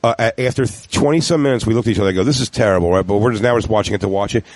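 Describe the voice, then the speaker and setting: A man's voice: fairly low pitch, very fast, darkish tone, no echo. A man co-hosting a casual comedy podcast who riffs bluntly and swears freely. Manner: blunt, profane, riffing. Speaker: podcast co-host.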